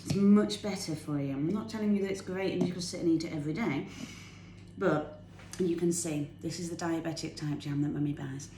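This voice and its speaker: A woman's voice: deep voice, brisk, noisy background. A woman giving bubbly, casual healthy-eating tips to her viewers from her kitchen at home. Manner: enthusiastic, bubbly, laughs while talking. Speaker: fitness tip vlogger. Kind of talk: casual chatty tips to camera. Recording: echoey room with faint ambience.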